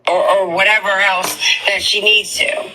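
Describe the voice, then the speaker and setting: A woman's voice: medium pitch, level tone, a little slow, pushed and bright, slight background noise, low-quality recording. A woman chatting on a livestream, rambling and teasing, calling people baby. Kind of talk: casual livestream chat.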